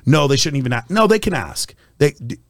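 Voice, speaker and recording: A man in casual podcast chat, blunt and profane, telling stories in a rapid rush. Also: on the high side, sing-song, no echo, studio quality.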